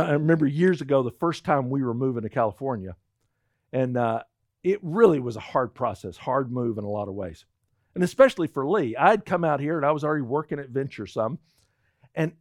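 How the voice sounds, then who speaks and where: A man's voice: a little high, dry recording, clean studio sound. A middle-aged male pastor telling a personal story in a sermon, acting out the lines of the people in it. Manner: animated storytelling, acts out quotes.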